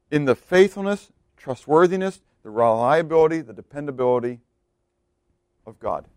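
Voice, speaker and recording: A man with a Southern US accent preaching a sermon, animated and folksy, acting out the voices of biblical figures as he tells the story. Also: on the high side, no room sound, studio quality. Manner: folksy asides to the congregation. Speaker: pastor.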